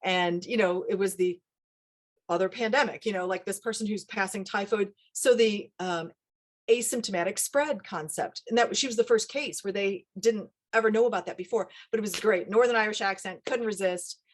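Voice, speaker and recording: A middle-aged woman, a dialect coach, talking casually in an interview with lively asides. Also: medium pitch. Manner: animated, quick asides, laughs often.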